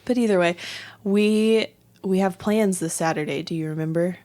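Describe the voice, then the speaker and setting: A woman's voice: lowish voice, moderate pace, mellow. A woman co-hosting a podcast, teasing and joking in casual chat and laughing a lot. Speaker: podcast co-host.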